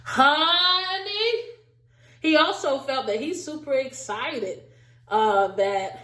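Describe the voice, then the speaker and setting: A woman giving a casual, animated recap of a reality show, talking straight to her viewers with a sassy edge. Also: fairly high pitch, slow pace, roomy sound. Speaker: recap vlogger.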